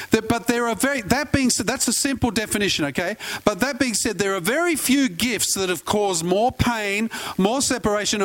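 An Australian man preaching a sermon. His voice sits high for a man. He talks to the congregation in a casual, chatty way, with folksy asides and frequent questions to them. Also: fairly bright tone, low-quality recording. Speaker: pastor.

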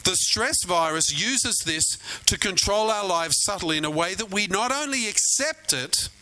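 A pastor delivers a sermon in a chatty, storytelling way, often turning to ask his listeners questions. His voice sits high for a man and sounds bright and forceful. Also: lively intonation, measured pace, no room sound, poor audio. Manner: storytelling, conversational, asks the congregation questions.

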